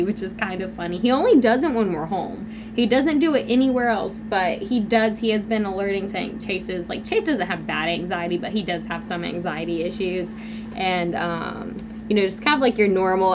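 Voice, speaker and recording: A young woman hosting a live stream from home, rambling through an animated personal story with lots of fillers. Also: medium pitch, noisy background. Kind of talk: casual venting live chat. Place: at home, indoors.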